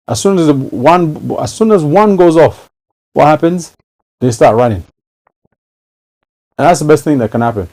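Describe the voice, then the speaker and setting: A man's voice: a little high, lively intonation, moderate pace, long pauses, mellow, poor audio. A man in casual chat who talks emphatically and repeats phrases to drive a point home.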